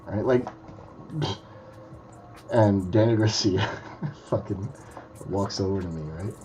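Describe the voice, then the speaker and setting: A man's voice: fairly low pitch, slow, a little mellow, soft background music, low-quality recording. A man who is a magician, telling stories bluntly and swearing freely in a casual podcast chat. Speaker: guest magician.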